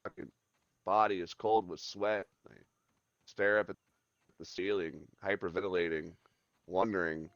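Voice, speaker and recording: A man's voice: sits low, steady tone, measured pace, pauses often, a bit bright, no room sound, dull audio. A man chatting casually while streaming a game, rambling and joking with lots of swearing. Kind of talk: casual gaming chat.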